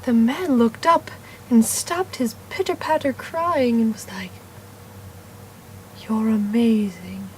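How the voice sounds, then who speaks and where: Slow, playful woman improvising a story. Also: high voice, animated, slight background noise. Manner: playful, dramatic swings from loud to whispered asides; meandering, self-correcting.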